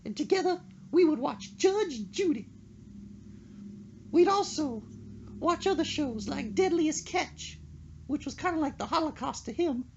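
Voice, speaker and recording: A sobbing, grief-stricken woman wails over her lost fish in a high, tearful voice that swoops all over the place, as a woman puts her on. The recording sounds dull and lo-fi. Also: expressive, a little slow, gravelly, pauses often, darkish tone, slight background noise, full character voice. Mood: tearful eulogy. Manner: wailing, sobbing and singing in a high voice.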